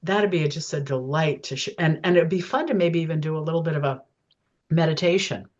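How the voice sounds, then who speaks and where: A woman's voice: low voice, a little fast, a little mellow, a little hiss or hum. A woman talking in a casual chat as a guest, chatty and often laughing, with many restarts. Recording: dull lo-fi sound.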